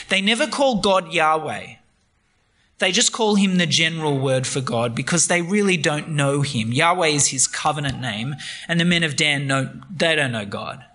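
A man preaching a sermon on a Bible passage, retelling it in a lively, conversational way. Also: a little high, moderate pace.

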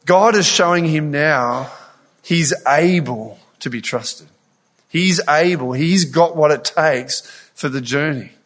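A man preaching a sermon, retelling a scripture story in an earnest, animated way with frequent restarts. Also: on the high side, slow pace.

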